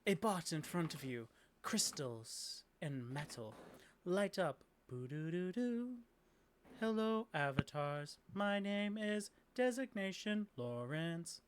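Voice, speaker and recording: A man's voice: a little high, sing-song, slight background noise. A man doing Designation Lawrence, the polite robot. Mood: formal. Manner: slow, precise, formal speech.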